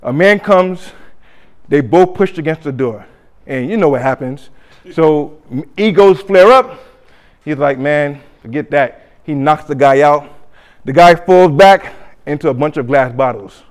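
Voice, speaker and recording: A man preaching a sermon, telling a story with acted-out quotes and swings between loud and hushed delivery. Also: a little high, animated, measured pace. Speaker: pastor.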